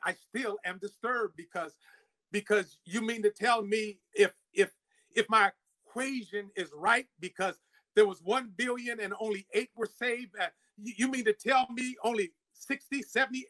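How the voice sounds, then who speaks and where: A man preaching a sermon, building to shouts, stammering repeated words, and acting out a conversation with the apostle John. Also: very high voice. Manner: acts out a dialogue with the apostle John.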